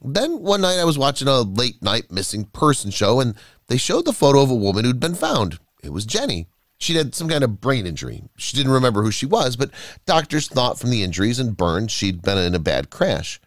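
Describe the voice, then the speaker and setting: A man's voice: medium pitch, very animated, a little fast, no room sound, clean studio sound, natural voice. A man doing a nervous, guilty friend. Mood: defensive.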